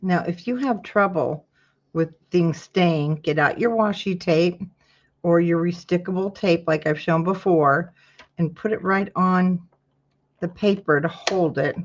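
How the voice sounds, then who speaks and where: A woman hosting a casual paper-craft tutorial, her voice sitting on the lower side. She chats with viewers by name as she measures and trims. The recording is dull and lo-fi. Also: unhurried. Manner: chatty, greets viewers by name mid-task.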